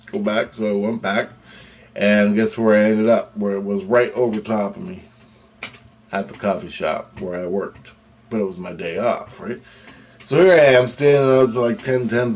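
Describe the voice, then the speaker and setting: A man casually telling a personal story, rambling with restarts and acting out other people's quoted lines. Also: lowish voice. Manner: rambling, animated, acts out quotes with fillers and restarts. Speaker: vlogger telling personal experiences.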